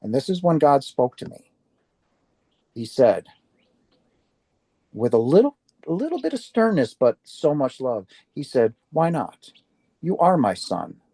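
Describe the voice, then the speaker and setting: A man recounts his near-death experience to an audience in a mellow, warm voice. He tells it earnestly and acts out his own reactions along the way. The sound is close and dry, with no room around it. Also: medium pitch, sing-song, measured pace, pauses often, dry recording. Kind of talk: personal testimony talk to an audience.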